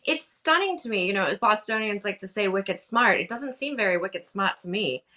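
A woman's voice: medium pitch, expressive, brisk, pushed and bright. A woman guest commentator giving wry, sarcastic political remarks.

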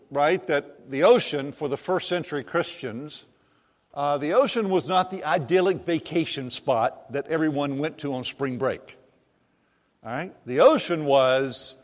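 A pastor giving a sermon in a church, reading scripture aloud and then preaching in an animated, conversational way. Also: male voice, fairly high pitch. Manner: slow and animated, voicing the disciples and Jesus in quoted lines. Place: church sanctuary. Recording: long reverb of a large hall.

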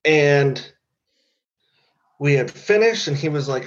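A man's voice: a little high, normal speed, long pauses. A man from upstate New York in casual recovery talk, telling a story in a laid-back, profane way. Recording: dull lo-fi sound.

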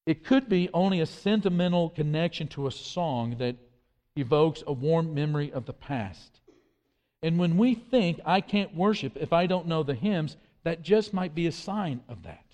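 A man's voice: on the high side, lively intonation, normal speed, darkish tone, highs cut off. A man preaching a sermon with earnest emphasis, quoting scripture and often repeating his words. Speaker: pastor. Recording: long hall reverb.

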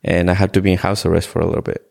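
A middle-aged man from Ecuador speaks in a low, rough voice with a lot of fry. He tells his own life story as a podcast guest, often halting and restarting. He brings the memories to life by quoting what people said. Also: level tone, a little mellow. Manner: halting, repeats words, retells scenes in quoted dialogue. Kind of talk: personal testimony in a conversation.

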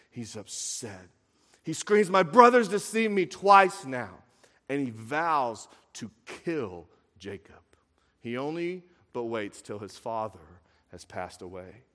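A man preaching a sermon, retelling a story with lively acted quotes and building to emphatic peaks. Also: on the low side, takes it slowly. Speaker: pastor. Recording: long hall reverb.

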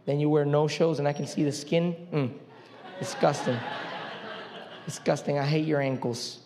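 A young man preaching a sermon as pastor, in a joking, animated, conversational way. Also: a little high, a little fast, noisy background.

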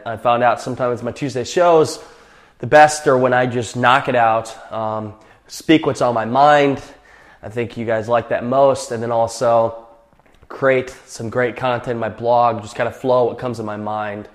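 A man hosts his own motivational podcast, talking off the cuff at a medium pitch. He is a little out of breath, and he rambles in a self-assured way. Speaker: podcast host. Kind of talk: casual solo podcast talk.

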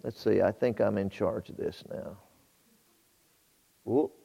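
A man preaching a sermon, shifting between quiet storytelling and loud, fervent exhortation to his congregation. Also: lowish voice, fairly even intonation, slow, creaky, breathy edge. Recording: muffled hall with long reverb.

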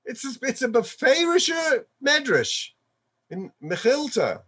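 Male rabbi, Torah sermon, higher-pitched voice, unhurried delivery, chuckles while explaining. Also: sing-song, a bit bright, breathy edge. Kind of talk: Torah sermon mixing Hebrew quotations.

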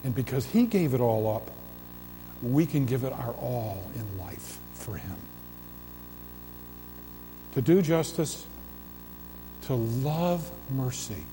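A pastor with a mid-range, expressive voice preaches a sermon in a church sanctuary, speaking slowly with long pauses and building emphasis through repeated, swelling phrases. The recording has background noise and the long reverb of a large hall.

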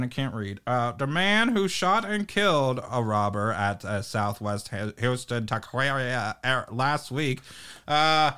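Lively crude New Jersey podcast host. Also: male voice, on the high side, clean tone. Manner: stumbling read-aloud, crude, laughing. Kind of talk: parody podcast banter.

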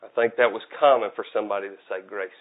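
A man's voice: on the low side, fairly even intonation, fast. A man preaching a casual, conversational sermon, folksy and self-deprecating. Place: church. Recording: tinny phone-like audio.

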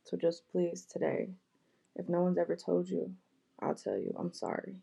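A woman speaking gently and directly to her viewers, repeating heartfelt apologies and words of comfort. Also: fairly low pitch, very animated, normal speed, vocal fry, husky. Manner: gentle, soft-spoken, repetitive, with frequent restarts. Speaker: vlogger.

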